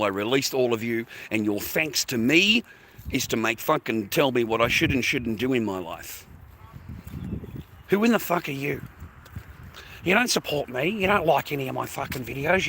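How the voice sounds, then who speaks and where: This livestreamer lays into his viewers in a furious rant, cursing nonstop, repeating himself, and turning low and quiet when he makes threats. His voice is creaky, and a faint hiss or hum runs underneath.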